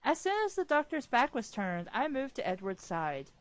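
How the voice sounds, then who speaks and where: A woman's voice: fairly high pitch, big pitch swings, moderate pace. A woman reading a book aloud with friends, adding chatty, sarcastic asides. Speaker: reader. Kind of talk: casual group reading.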